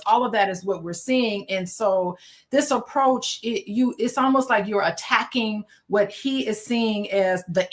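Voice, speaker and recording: A woman on a discussion panel, explaining her point in a measured way with some fillers. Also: medium pitch.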